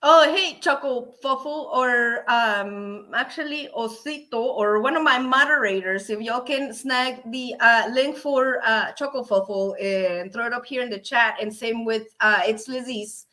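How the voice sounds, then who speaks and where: A woman hosting a casual livestream, excitable and laughing often as she chats with viewers. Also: fairly high pitch, measured pace, hardly any pauses. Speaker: livestream host. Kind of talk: casual livestream chat reading viewer comments.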